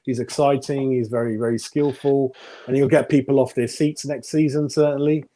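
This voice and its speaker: Blunt, mellow-voiced football pundit man. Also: mid-range voice, fairly even intonation, moderate pace. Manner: blunt, opinionated, laughs at his own jokes. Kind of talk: casual podcast chat.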